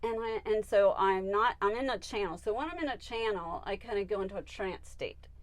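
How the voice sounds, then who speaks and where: A woman who works as a psychic medium tells a story during an interview. She is animated and slips into other people's voices as she goes. Her voice sits at a middle pitch, and the sound is close and dry. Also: brisk, dry recording.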